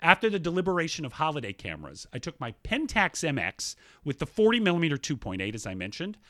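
A man in his thirties co-hosts a podcast, reading out listener emails and riffing on them at a quick clip. His voice sits a bit high and bright, with lively swings in pitch, recorded dry and close. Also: no echo. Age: 30s. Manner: quick-talking, animated, reads emails aloud with quips. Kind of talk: casual podcast chat.

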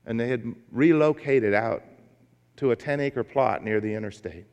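Male pastor, sermon, emphatic, folksy storytelling, average pitch, long hall reverb. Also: normal speed, a little mellow, smooth, dull audio.

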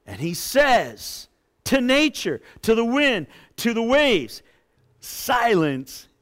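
High-voiced, unhurried male preacher. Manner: expressive preaching, rises to impassioned pleading. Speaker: pastor. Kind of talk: sermon.

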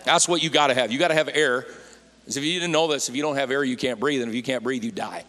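A man preaching to his congregation, folksy and fervent, his voice climbing to shouted peaks. His voice sits in an ordinary middle pitch. The hall's long reverb trails after each phrase. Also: quick pace. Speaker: pastor. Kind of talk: Pentecostal-style sermon. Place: church sanctuary.

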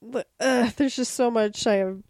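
Woman in relaxed podcast banter. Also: on the high side, moderate pace, no echo. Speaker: podcast co-host. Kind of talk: casual chat.

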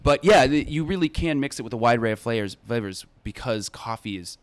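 A man's voice: medium pitch, expressive, brisk. A man chatting casually on a podcast, explaining at length with plenty of fillers and enthusiasm. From United States. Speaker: brand representative guest.

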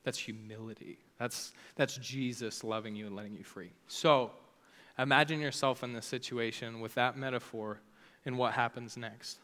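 A man's voice: mid-range voice, fairly even intonation, normal speed, bright, forceful tone, in a large hall. A man preaching a casual sermon, talking informally with lots of "like" fillers. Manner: chatty, informal, many "like" fillers.

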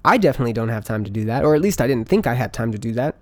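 A man muses aloud in a loose podcast monologue, circling his points with plenty of fillers and casual profanity. His voice sits at a middle pitch. The recording is dry and close, with no room sound. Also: lively intonation, very fast, dry recording. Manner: rambling, profane, full of fillers.

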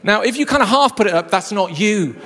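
Enthusiastic pastor in a reverberant hall. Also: male voice, high-pitched, expressive, brisk, pushed and bright, a little hiss or hum. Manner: enthusiastic, jokey storyteller. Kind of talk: live sermon. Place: church hall with a live congregation. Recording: long reverb of a large hall.

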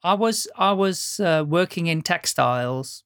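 A middle-aged Dutch woman, native speaker of Dutch from the Netherlands, hosts a casual conversational podcast interview and tells stories chattily, laughing often and restarting sentences. Her lowish voice is expressive and measured, in clean studio quality with no room sound.

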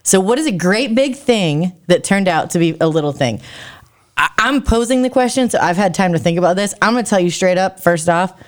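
A woman co-hosting a podcast, telling stories in a casual, animated way. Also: on the low side. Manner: animated storytelling with quick bursts. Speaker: podcast co-host. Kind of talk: casual chat.

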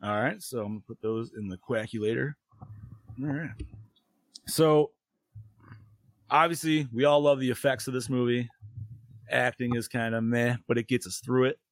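A man's voice: medium pitch, normal speed, pauses often, no echo. A man hosting a casual horror movie review podcast, laughing often, swearing freely and losing his place while reading. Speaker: podcast host.

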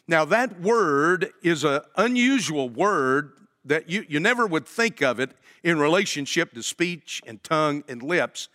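High, bright-voiced man preaching. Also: very animated, measured pace. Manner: conversational preaching with rhetorical questions; addresses congregation directly. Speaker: pastor. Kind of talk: sermon.

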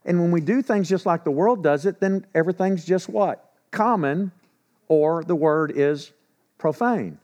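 Male pastor, slightly high voice, animated sermon with sarcastic asides. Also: unhurried. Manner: animated preaching, drops to quiet asides when telling stories; sarcastic humor.

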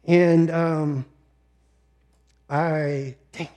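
A male pastor preaching a sermon, telling a personal story with deep emotion and sometimes close to tears. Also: flat delivery, very slow, a little mellow.

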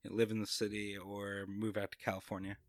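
A man's voice: fairly low pitch, monotone, fairly quick. A young man from Long Island with a New York accent, chatting as a podcast guest in a rambling way full of restarts. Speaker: guest comedian. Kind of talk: casual podcast chat.

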